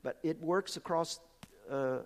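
A man preaching a sermon with emphasis, swinging from quiet asides to loud, lively peaks. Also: a little high, unhurried, long reverb tail.

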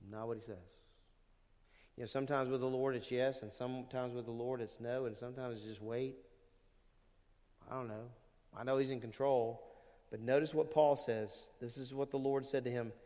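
Male pastor, mid pitch, preaching with big swings between loud and soft, church reverb. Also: normal speed, long pauses. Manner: animated, swings from loud emphasis to quiet asides. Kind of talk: sermon. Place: church sanctuary. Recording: long church hall reverb.

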